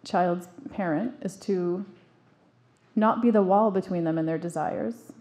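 A woman's voice: lowish voice, unhurried, mellow. A woman in her forties giving an earnest, emphatic talk to an audience, telling stories from her own life with frequent restarts. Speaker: parenting speaker.

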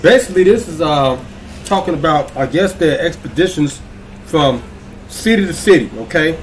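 A man's voice: on the high side, lively intonation, normal speed, slight background noise. A man hosting a reaction video, talking casually and often checking in with viewers. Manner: chatty, keeps checking in with viewers. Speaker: YouTube reaction host.

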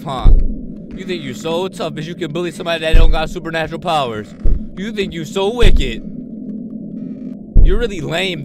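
A man's voice: on the high side, very noisy. A young man giving horror game commentary, brashly trash-talking in slang. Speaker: gamer. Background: game music.

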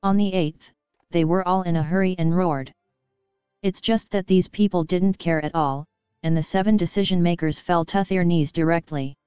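A woman narrates a web novel in a steady, even storytelling voice. Her voice is low-pitched for a woman and very clean, recorded dry and close. The sound is somewhat dull and lo-fi, with faint music under it. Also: moderate pace, clear, resonant tone, no echo.

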